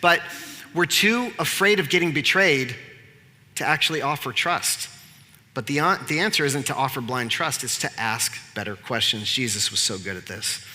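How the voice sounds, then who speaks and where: A man preaching, his voice sharp and cutting. He tells the story in an animated, joking, conversational way, and the sound carries a long echo through a large sanctuary. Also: medium pitch, normal speed. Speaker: pastor. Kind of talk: sermon. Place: church sanctuary.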